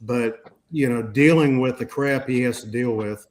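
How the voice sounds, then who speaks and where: Man, 50s, podcast host, casual group chat, rambling, swears, medium pitch, faint background noise. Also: moderate pace. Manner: rambling storyteller, frequent restarts and swearing.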